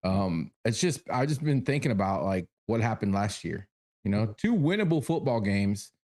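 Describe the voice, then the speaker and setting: A male co-host in casual sports podcast talk who jokes and laughs through his points. His pitch jumps around a lot, and he frets openly about his team. The tone stays loose and chatty. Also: very animated, normal speed, darkish tone. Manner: joking, laughs often, nervous fan.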